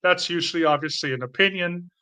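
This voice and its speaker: A man with a soft Canadian accent talks through viewer comments in a loose, rambling way, often circling back to restart his sentences. His voice sits fairly high for a man and rings bright and forceful. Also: quick pace, smooth. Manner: chatty and rambling, with frequent restarts. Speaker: channel host answering comments. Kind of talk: casual livestream chat.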